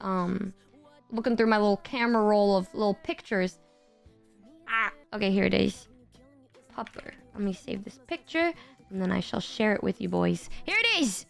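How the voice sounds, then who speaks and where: A young woman in her twenties, streaming and telling a story in a casual, animated way, laughing often and swearing freely. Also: mid-range voice, normal speed, gravelly, long pauses, soft background music. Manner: animated, giggly, swears a lot. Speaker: livestreamer.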